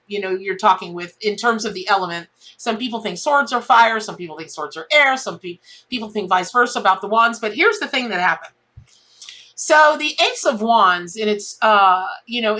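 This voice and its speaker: A woman's voice: medium pitch, pushed and bright. A middle-aged woman giving a casual spoken tarot reading. She rambles in a heartfelt way, often repeating herself and restarting her sentences. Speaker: tarot reader.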